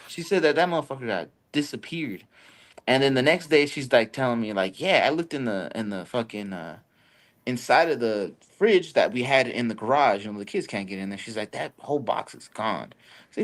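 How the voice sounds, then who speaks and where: Profane, animated male podcast storyteller. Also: fairly quick. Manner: profane, animated storyteller, jumps into high-pitched quoted voices. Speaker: podcast host. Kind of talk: casual storytelling chat.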